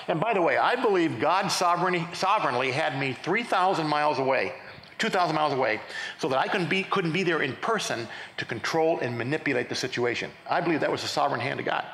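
A middle-aged male pastor telling his testimony in a lively sermon, often restarting his sentences. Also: on the high side, fast. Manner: animated storytelling with repeated restarts. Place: large church sanctuary. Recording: echoey church hall.

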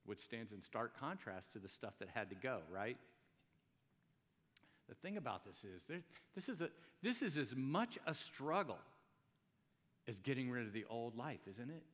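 A man preaching a conversational sermon at a middle pitch, full of asides and rhetorical questions. His voice rings out with a long reverb tail from a large church hall. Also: very animated, moderate pace, fairly bright tone. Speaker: pastor.

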